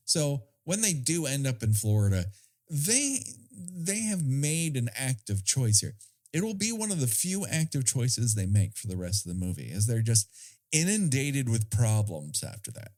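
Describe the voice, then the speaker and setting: A man's voice: medium pitch, big pitch swings, a little slow, a little mellow. A man co-hosting a podcast, chatting casually about a film in a sardonic, profane, storytelling way. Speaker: podcast co-host.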